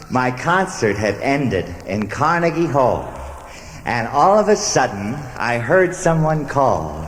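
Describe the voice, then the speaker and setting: A man's voice: medium pitch, sing-song, slight background noise. A male stage entertainer doing playful comic patter and chuckling at his own lines. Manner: chuckling, playful, drawn-out delivery.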